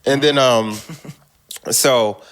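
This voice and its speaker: A young man hosting a casual chat, telling a work story in a profane, animated way and acting out the people in it. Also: mid-range voice, drawn-out words, clear, resonant tone. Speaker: podcast host.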